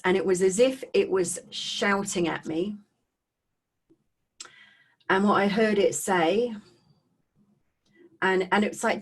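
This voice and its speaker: A woman giving an emotional personal testimony over a video call, halting and earnest, often repeating and restarting her words. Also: medium pitch. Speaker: speaker sharing her personal story.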